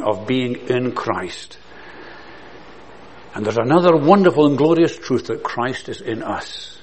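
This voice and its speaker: A man preaching a sermon in an earnest way, building to loud, passionate emphasis and then dropping soft. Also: mid-range voice, slight background noise, low-quality recording.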